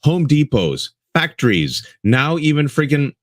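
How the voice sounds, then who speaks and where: A man's voice: fairly high pitch, big pitch swings, unhurried, dry recording, clean studio sound. A man co-hosting a live political talk show, giving impassioned commentary and addressing listeners as folks, repeating lines for emphasis. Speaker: co-host.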